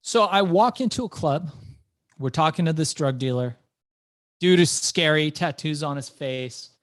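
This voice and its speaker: A middle-aged man, an entrepreneur guest, telling his story in an animated interview and repeating words as he goes. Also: on the high side, unhurried, dry recording.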